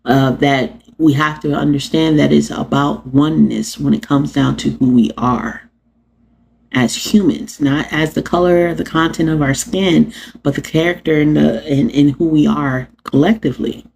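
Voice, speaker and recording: Husky, gravelly-voiced woman ranting sarcastically. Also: low voice, moderate pace. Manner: animated, sarcastic, laughs often, addresses chat. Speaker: podcast host. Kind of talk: live-streamed rant to viewers.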